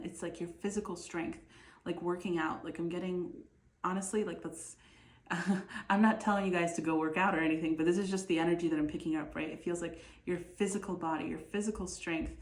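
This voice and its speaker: A woman giving a casual tarot reading to her viewers, speaking with many fillers and restarts, with a bit of a cough. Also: on the low side. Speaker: tarot reader. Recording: echoey room.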